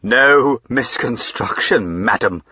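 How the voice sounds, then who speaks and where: A man's voice: mid-range voice, very animated, normal speed, fairly bright tone, slightly rough, dull audio. A man doing a blustering pompous squire. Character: pompous thick-skinned country squire, blustering and hot-tempered.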